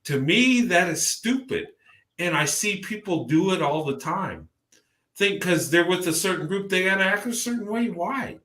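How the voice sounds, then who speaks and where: Guy hosting a chat show, talks in loops and restarts, bright voice, kinda echoey room. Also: high-pitched, lively intonation, moderate pace. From American South. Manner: rambling, repeats words when starting a thought. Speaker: podcast host. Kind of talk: casual chat.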